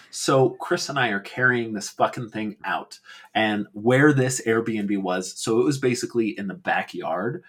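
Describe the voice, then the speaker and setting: A man's voice: medium pitch, animated, unhurried, husky. A male podcast co-host telling a rambling story in casual chat, swearing freely and filling gaps with ums.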